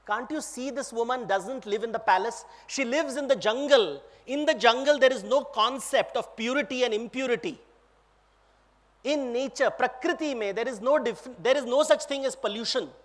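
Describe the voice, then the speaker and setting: A man's voice: very high-pitched, moderate pace. A man voicing a wise prince who patiently asks his brother questions and explains. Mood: earnest.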